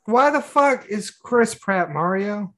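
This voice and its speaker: A man's voice: sits high, lively intonation, takes it slowly, pushed and bright. A man co-hosting a podcast in casual chat, leading topics bluntly with lots of swearing. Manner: leads topics, blunt and profane. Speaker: podcast co-host.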